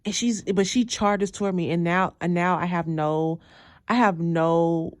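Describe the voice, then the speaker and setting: Storytelling woman, lowish voice, lively, acts out her lines, dry close mic. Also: a little slow, no echo. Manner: animated, acts out her own lines, laughs often. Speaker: host telling a dream. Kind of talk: casual storytelling.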